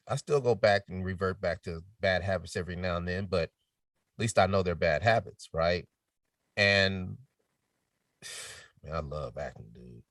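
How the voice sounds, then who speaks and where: A low-pitched middle-aged man chats as a podcast guest. He tells his stories with energy and puts on the voices of people he quotes. At times he sinks to a near whisper. The sound is dry and picked up from a little way off the mic. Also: no echo, recorded from a distance. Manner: animated storytelling with quoted voices, drops to a near whisper to demonstrate. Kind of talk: casual chat.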